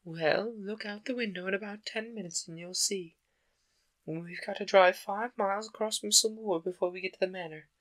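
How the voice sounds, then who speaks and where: A man voicing a brisk, matter-of-fact middle-aged woman housekeeper in a storybook reading. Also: high voice, fairly bright tone, voice pushed up.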